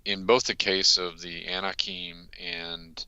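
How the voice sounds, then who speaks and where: Casting: male researcher guest, very deep voice with a sharp edge, measured. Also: vocal fry, clear, resonant tone, no echo, low-quality recording. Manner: hesitant, many fillers, earnest and measured. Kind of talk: interview answers.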